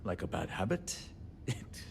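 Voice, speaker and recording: A man's voice: deep voice, very animated, a little slow, gravelly, slight background noise, exaggerated voice. A wry, short-tempered handyman. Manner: wry, joking, self-deprecating. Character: irritable self-deprecating male handyman, joking. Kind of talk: video game character dialogue.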